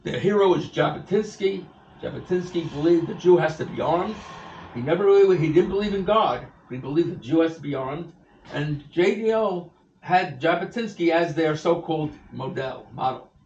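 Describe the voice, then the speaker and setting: An older man in his sixties giving an animated storytelling speech to an audience at an event, acting out the people he quotes. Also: fairly high pitch, moderate pace, slight background noise. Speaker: event speaker. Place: event hall. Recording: echoey room, far from the mic, dull sound, faint ambience.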